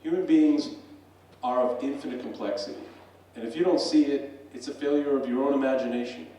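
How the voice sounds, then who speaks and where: A man's voice: medium pitch, fairly quick, dark tone. A middle-aged man, a professor, gives an earnest, conversational public talk from a stage with frequent fillers. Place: stage in a hall. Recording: echoey hall, voice from a distance.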